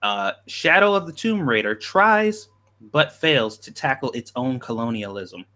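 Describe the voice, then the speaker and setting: Man, bright voice, animated pitch, relaxed laughing livestream co-host. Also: measured pace. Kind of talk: casual livestream chat.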